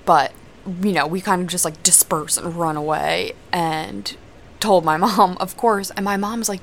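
A woman's voice: fairly low pitch, steady tone, measured pace, vocal fry, fairly bright tone, slight background noise. Candid, foul-mouthed young woman storyteller. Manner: candid and profane, casual run-on storytelling. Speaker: podcast host. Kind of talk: personal storytelling podcast.

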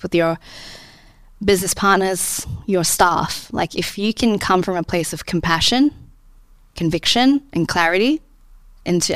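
Earnest woman, smooth low-ish voice. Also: dry recording. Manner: earnest, reflective, warm laughs. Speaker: podcast guest. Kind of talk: conversational interview.

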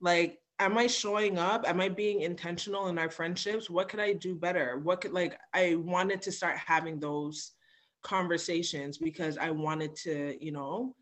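A woman guest on a podcast, telling personal stories in a candid, animated way with frequent fillers. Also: fairly low pitch, normal speed. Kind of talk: candid conversational storytelling.

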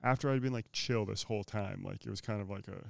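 A young man chats loosely on a podcast and swears freely along the way. His voice is gravelly, with some fry at the ends of phrases. It sounds close and dry, with no room around it. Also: fairly low pitch, fast, a little mellow, no echo. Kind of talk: casual chat.

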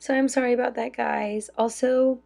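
A young woman hosting her own podcast in a bubbly, loud, chatty way, full of "like" fillers, talking into a phone with a clip-on mic as if sending a voice memo. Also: on the high side, fairly even intonation, moderate pace, vocal fry. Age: young adult. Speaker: podcast host. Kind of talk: casual chat, like a voice memo. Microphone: phone with clip-on lav mic.

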